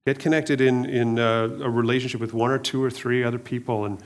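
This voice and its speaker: Speaking fairly quickly in a mid-range voice with fairly even intonation, this middle-aged male pastor gives a relaxed sermon. He talks conversationally, frequently repeats himself and starts over, and tosses in jokes along the way.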